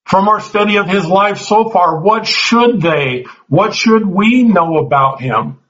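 A man's voice: sits high, expressive, unhurried, a bit bright, lo-fi sound. A man teaching a Bible class, earnest, often restarting his words and putting questions to the group.

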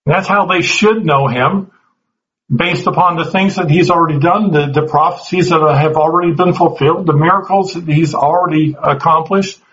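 A man's voice: fairly high pitch, normal speed, fairly bright tone, highs cut off. A man teaching a Bible class, earnest, often restarting his words and putting questions to the group.

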